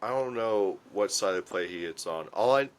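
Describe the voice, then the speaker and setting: A man leading a trivia round on a laid-back sports podcast. He talks in a dry, low-key way and teases his co-hosts. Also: animated, normal speed, clear, resonant tone. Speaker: podcast host running trivia. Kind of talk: casual sports chat.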